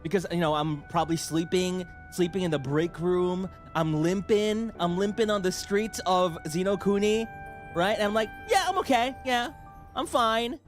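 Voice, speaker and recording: A young man chatting excitedly on a livestream, rambling and jumping between shouting and mumbling. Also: high-pitched, normal speed, soft background music. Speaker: streamer. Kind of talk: excited casual livestream chat.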